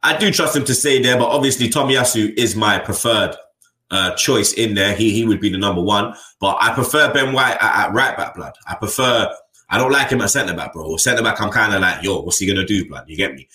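A man's voice: lowish voice, expressive, brisk, pushed and bright. Blunt slangy man, roomy sound. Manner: blunt, slangy, keeps adding "you get me". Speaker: football fan channel host. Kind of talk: casual chat.

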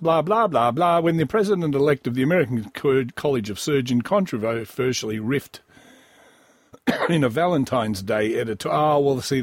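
A wheezy man hosts a comedy podcast, riffing crudely and sardonically on a news item, with coughs breaking in. His husky voice swings up and down in pitch. The recording is dry and close. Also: no echo. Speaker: podcast host. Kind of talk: profane comic riffing on a news story.

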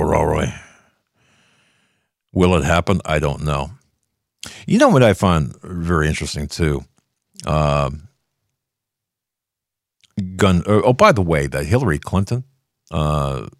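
A low-voiced man hosts a political talk show, riffing sarcastically through a rambling, restart-filled monologue of casual opinion. The studio-quality recording has no room sound.

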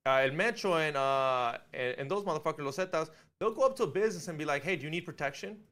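A man in casual conversation who rattles off his points at high speed, circling back and repeating himself to drive them home. His voice is bright and tense and sits a little high. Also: lively intonation, smooth. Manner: rapid, emphatic, repeats himself to push a point. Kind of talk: casual chat.

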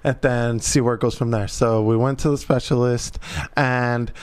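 A man and father co-hosting a podcast, telling an animated anecdote full of slang and swearing. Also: medium pitch, moderate pace, clean tone. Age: adult parent. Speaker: podcast co-host. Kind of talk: casual storytelling chat.

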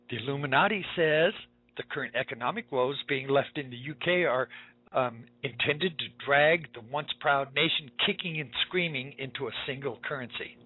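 A man's voice: medium pitch, normal speed, slightly rough. A male radio host giving an urgent, preaching monologue, emphatic and repetitive, heard over a tinny, phone-like line.

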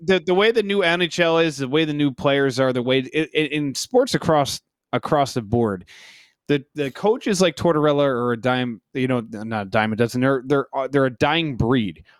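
A man's voice: mid-range voice, moderate pace, clear, resonant tone, no room sound, studio quality. A man co-hosting a casual sports podcast, joking and sarcastic about his team. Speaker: podcast co-host.

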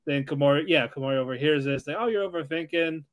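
A man's voice: a little high, fast talker. A man co-hosting a casual anime recap, chiming in with short additions and laughing along. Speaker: podcast co-host.

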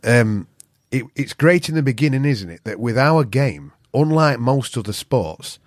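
A middle-aged Yorkshire man talking as a podcast guest, recorded dry and close with no room sound. He spins his stories bluntly and swears freely, keeping the chat lively. His voice sits in an ordinary middle pitch for a man. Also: unhurried, no echo. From England. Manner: profane, blunt, animated storyteller. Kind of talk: casual storytelling chat.

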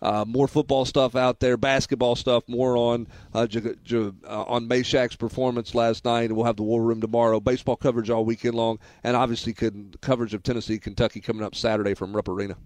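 A man talking casually as a sports reporter guest on a radio show, chatty and quick to laugh at himself. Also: mid-range voice, level tone, darkish tone, no echo.

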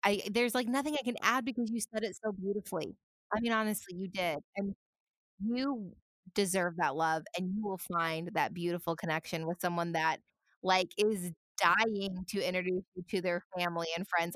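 A woman's voice: mid-range voice, moderate pace, a bit bright, no echo. A young woman hosting a podcast, talking in a sympathetic, rambling way full of fillers. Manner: sympathetic, rambling, many likes. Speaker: podcast host. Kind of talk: casual chat.

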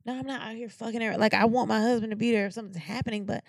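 A woman's voice: fairly high pitch, fairly even intonation, a little mellow, no room sound, clean studio sound. A woman co-hosting a podcast, talking frankly and with plenty of swearing, often restarting her sentences in casual chat. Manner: frank, profane, halting restarts. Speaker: podcast co-host.

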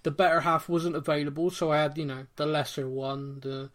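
High-voiced joking male podcast host. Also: little pitch movement, fairly quick, a bit bright. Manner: teasing, jokey, laughs often. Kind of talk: casual chat.

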